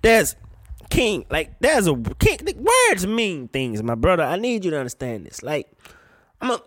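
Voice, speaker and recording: A man giving a casual, profane solo rant about music gossip, breaking into sudden loud high outbursts. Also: sing-song, moderate pace, dry recording. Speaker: solo commentator.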